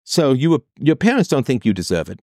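Male advice host, blunt and profane, mid-pitched, dry booth sound. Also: big pitch swings, a little fast, a little mellow, no echo. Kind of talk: heated advice monologue.

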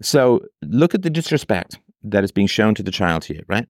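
A man's voice: on the low side, very animated, a little fast, no room sound, clean studio sound. A man reading a text aloud and cutting in with sarcastic, emphatic commentary, often repeating phrases for effect.

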